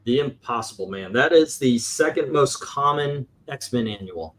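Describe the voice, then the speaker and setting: A man chatting casually about old comics, blunt and eager, with some cursing. His voice sits at an ordinary middle pitch. He talks in an easygoing, unscripted way. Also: expressive, a little slow, fairly bright tone. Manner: enthusiastic, blunt and profane. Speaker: co-host of comic review show. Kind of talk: casual chat.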